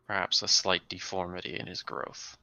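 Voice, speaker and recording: Deep gravelly-voiced man narrating a tabletop game. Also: monotone, normal speed, sharp tone, a little hiss or hum. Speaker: game master. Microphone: desk mic on a live stream.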